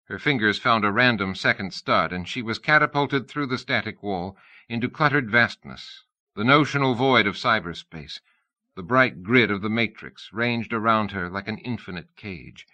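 A male audiobook narrator reads with steady, even storytelling. His voice is fairly low but bright and forceful, cutting clearly through each sentence. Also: moderate pace.

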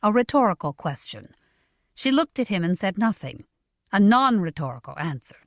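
Woman narrator, audiobook, lively pitch, dry close sound. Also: moderate pace, dry recording. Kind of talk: scripted narration of a novel.

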